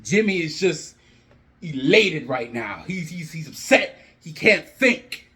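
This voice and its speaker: A man telling a made-up wrestling storyline in a loose, rambling way, stopping now and then to speak to his viewers. His voice sits a little higher than most men's. The delivery feels offhand and conversational. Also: sing-song, slow, pushed and bright. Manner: casual, rambling, talks to viewers. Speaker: wrestling fan vlogger. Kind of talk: rambling fan booking commentary.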